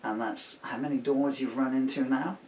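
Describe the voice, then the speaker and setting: A man's voice: medium pitch, fairly even intonation, moderate pace, a little mellow, a little hiss or hum. A man in his sixties, a singer-songwriter, talking casually between songs, rambling and indignant, with many asides. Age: 60s. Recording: roomy, distant home recording.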